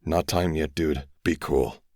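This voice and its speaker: A laid-back, sardonic teenage boy speaks low and unbothered, as a man voices him close to his own deep register. The recording is close and dry. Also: fairly even intonation, a little slow, darkish tone, dry recording. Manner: cool, sardonic. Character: Marco, wisecracking teenage boy. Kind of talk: solo audiobook acting.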